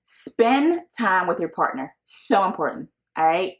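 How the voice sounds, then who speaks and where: A woman's voice: lowish voice, big pitch swings, a little slow, creaky. A woman in her thirties hosting a podcast, talking casually in an upbeat, encouraging way and laughing often. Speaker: podcast host. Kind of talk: casual solo podcast talk.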